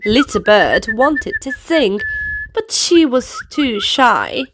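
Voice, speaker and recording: A woman reading picture books aloud to children in an animated, sing-song way. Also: a little high, slow pace, slight background noise. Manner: animated, sing-song, playful sound effects. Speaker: storyteller. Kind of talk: picture-book read-aloud for kids.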